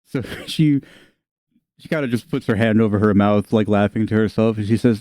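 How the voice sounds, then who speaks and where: A man's voice: lowish voice, normal speed, mellow, no echo, studio quality. A man narrating a tabletop game as game master, in a casual style with many "kinda" and "like" fillers.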